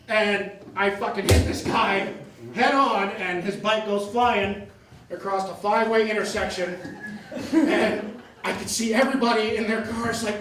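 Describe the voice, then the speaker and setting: A man's voice: very high voice, recorded from a distance, slight background noise. A man doing a stand-up comedy set on a club stage, telling stories with lots of energy and often laughing through his lines. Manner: animated storytelling, often laughing mid-line. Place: comedy club stage before a live audience. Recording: roomy club sound caught from afar.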